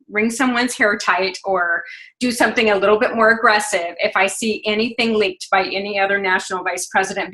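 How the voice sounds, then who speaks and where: Bright upbeat woman on a team call. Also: medium pitch, poor audio. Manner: upbeat, gushing, many fillers. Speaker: team leader on a sales call. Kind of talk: motivational conference call. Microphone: phone.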